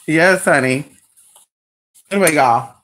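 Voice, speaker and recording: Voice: medium pitch, fairly bright tone. A host chatting casually at home with viewers, calling everyone "honey" and talking to their dog between remarks. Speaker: live-stream host.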